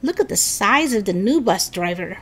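A woman doing a sharp, outspoken schoolgirl. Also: mid-range voice, animated, moderate pace, natural voice. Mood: matter-of-fact. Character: sensible third-grade girl, quick and outspoken.

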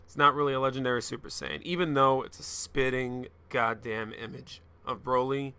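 A man's voice: mid-range voice, lively intonation, moderate pace, creaky, pushed and bright, clean tone. A man casually reviewing an anime episode, joking and swearing as he rambles.

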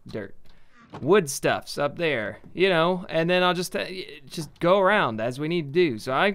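A young man hosting a casual gaming video, thinking out loud and joking at his own expense as he builds. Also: mid-range voice. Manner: chatty, self-mocking, thinking aloud. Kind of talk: casual let's-play commentary.

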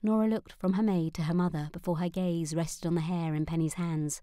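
Low-voiced woman narrating an audiobook. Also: no echo. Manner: measured, even. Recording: dry close studio sound.

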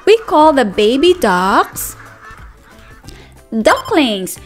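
A woman teacher reading a story aloud to toddlers, slow and sing-song, asking questions and counting along. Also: high voice. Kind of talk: children's story time read-aloud.

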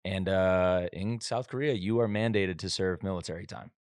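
Low-voiced male co-host explaining news. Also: normal speed, dry recording, clean studio sound. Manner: reads news items aloud, explains facts plainly. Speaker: podcast co-host. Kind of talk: casual comedic chat.

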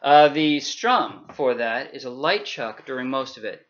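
A man teaching a ukulele strum in a relaxed, chatty way and counting the beats aloud. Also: medium pitch, measured pace, soft background music. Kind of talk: casual music lesson. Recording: dull lo-fi sound with loud ukulele. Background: ukulele playing.

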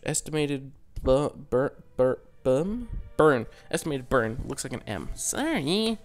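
A man's voice: medium pitch, big pitch swings, slow pace. A man hosting a casual gameplay commentary, rambling and self-mocking as he fumbles along and mutters sound effects to himself. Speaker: gaming channel host. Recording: music playing under the voice.

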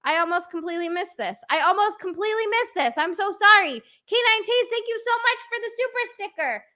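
Excitable high-voiced woman streamer. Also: a little fast. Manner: excitable, bursts into squeals and shouts; chatty, thanks viewers by name. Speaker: live streamer. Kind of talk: casual live-stream chat.

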